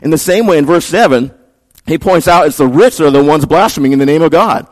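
A male pastor delivering a sermon in a relaxed, conversational tone, his fairly high voice climbing into emphatic peaks when he drives a point home. He talks to the congregation like he's chatting with them, then presses hard on the key lines. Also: fast.

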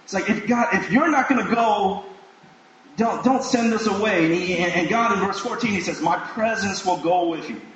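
A man's voice: sits high, normal speed, crowd noise. A man preaching a sermon in a conversational way, with frequent fillers and restarts. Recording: distant mic in an echoey room, dull sound.

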